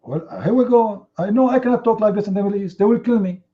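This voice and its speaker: A man with a rather high voice hosts a heated live online debate, goading his opponents with sarcastic rhetorical questions. His English is non-native in its grammar. The stream audio sounds a little dull and muffled. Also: quick pace. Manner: confrontational, mocking, rhetorical questions. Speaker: debate host.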